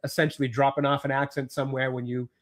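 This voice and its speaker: A man's voice: medium pitch, level tone, fast talker. Boston man musing with many restarts. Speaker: film podcast co-host. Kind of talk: casual chat.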